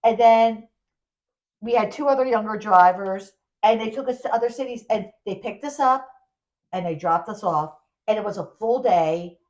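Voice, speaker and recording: A woman co-hosting a podcast, telling a travel story in casual chat, animated and full of restarts. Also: medium pitch, moderate pace, muffled recording. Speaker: podcast co-host.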